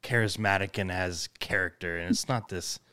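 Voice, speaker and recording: Male host, very low voice, bright and clear tone, relaxed and affirming. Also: moderate pace, no room sound. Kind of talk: casual interview.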